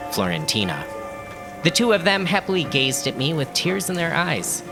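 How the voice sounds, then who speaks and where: A man reading a first-person story aloud as scripted narration, in an expressive, animated storytelling manner. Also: medium pitch. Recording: music playing underneath.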